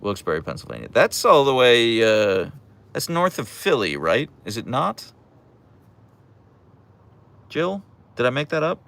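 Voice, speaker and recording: A man's voice: medium pitch, sing-song, a little slow, creaky, pauses often, a bit bright. A young man from the Pittsburgh area hosting a casual livestream, reading out chat messages and answering with teasing, dry jokes. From Pittsburgh area, USA.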